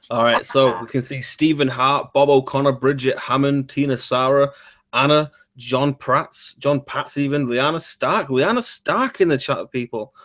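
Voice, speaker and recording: A man's voice: medium pitch, a bit bright. A man from Manchester with a Mancunian accent, a livestream guest reading out viewers' names with brief asides. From Manchester, England. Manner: rapid roll call, brief asides.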